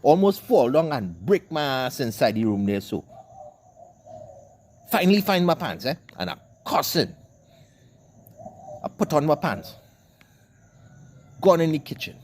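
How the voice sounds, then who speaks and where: A man with a thick Trinidadian accent rants through a rambling comic story, his fairly high voice swinging up and down as he cusses and carries on. It is loose, chatty dialect talk with a showman's bounce. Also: big pitch swings, unhurried, long pauses, a little mellow, slight background noise. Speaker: online commentator.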